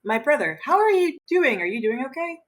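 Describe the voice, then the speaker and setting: A woman's voice: high-pitched, sing-song, fairly quick, a bit bright, voice pushed up, full character voice, low-quality recording. A woman playing an earnest young man, a new clown recruit, who talks in a caring, slightly sheepish way. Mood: concerned. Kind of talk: tabletop game role-play.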